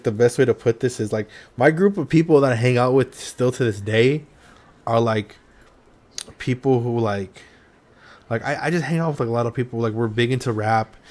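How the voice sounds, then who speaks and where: A man's voice: medium pitch, darkish tone. A man hosting a loose, casual chat from his home, his voice sitting in an ordinary middle register. He swears freely, piles on fillers and restarts, and talks the way he would with friends. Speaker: podcast host. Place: home room.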